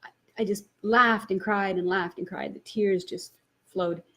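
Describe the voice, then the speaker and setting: A woman's voice: mid-range voice, fairly even intonation, a little slow, a bit bright. A woman, a spiritual teacher, telling a personal story and laughing often as she retells it.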